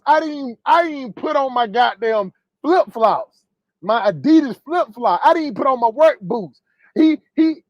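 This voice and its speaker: A man who drives trucks telling a profane story to his viewers in an animated way. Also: extremely high pitch, dry recording, low-quality recording. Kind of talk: storytelling vlog.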